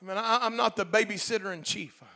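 High-voiced, shouting Pentecostal pastor. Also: male voice, fast talker. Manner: swings from low conversational asides to loud shouted preaching; folksy, colloquial. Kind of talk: Pentecostal sermon. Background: faint congregation.

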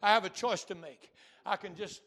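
Male missionary preacher; high, bright voice, storytelling into fervent shouts. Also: normal speed. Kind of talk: sermon.

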